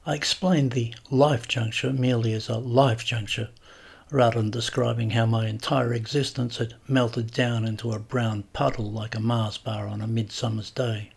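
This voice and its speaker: A man reading a comic short story aloud with wry, deadpan narration. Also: medium pitch, normal speed, creaky, slightly rough.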